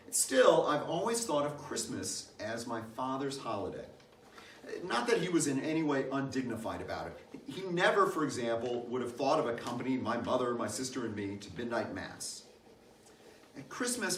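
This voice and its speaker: An older man reads a memoir aloud to a gathering, letting his pitch rise and fall freely as he tells it. His voice carries from a little way off the mic in an echoey church hall, with a faint hiss behind. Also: distant mic. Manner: reflective, storytelling delivery. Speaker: reader at a church Christmas program. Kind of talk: reading a personal essay aloud. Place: church meeting house.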